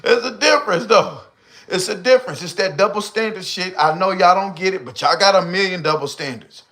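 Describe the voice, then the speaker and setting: A man's voice: high-pitched, brisk. A man hosting a livestream, ranting casually in heavy slang and profanity and acting out the people he talks about. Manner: profane, slangy, animated storyteller who acts out voices. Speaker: livestream host.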